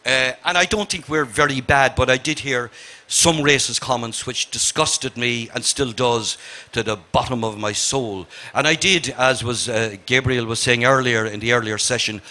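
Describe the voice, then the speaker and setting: An older Irish man, a novelist, telling a festival panel about his life and writing in an earnest, halting way with many restarts. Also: medium pitch, sharp tone. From Ireland. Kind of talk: reflective festival conversation.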